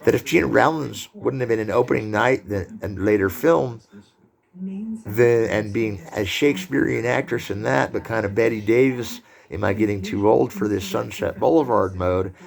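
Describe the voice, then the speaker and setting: Gravelly low-voiced rambling film lecturer. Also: male voice, normal speed, crowd noise. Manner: rambling, digressive, loose asides. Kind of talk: unscripted lecture.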